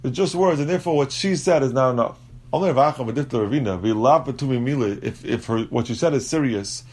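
A man teaching a Talmud lesson, explaining step by step and mixing English with Aramaic and Hebrew terms. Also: fast. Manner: animated, jumps in pitch when acting out quotes.

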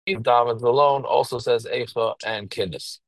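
A man's voice: mid-range voice, steady tone, normal speed, no room sound, rough recording. A man with a who teaches a text line by line, each phrase and then explaining it in plain English. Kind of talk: reading and translating a Hebrew text line by line.

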